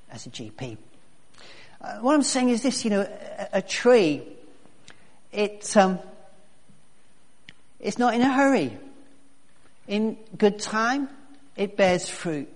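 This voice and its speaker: A man preaching a sermon as pastor, chatty and full of restarts. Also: high voice. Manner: conversational, with many restarts and fillers. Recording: long reverb of a large hall.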